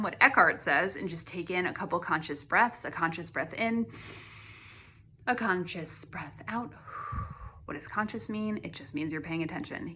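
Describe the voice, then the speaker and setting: A middle-aged woman artist talking casually to camera, chatty with many fillers, sometimes dropping to a soft hush. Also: lowish voice, slight background noise. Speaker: artist and host.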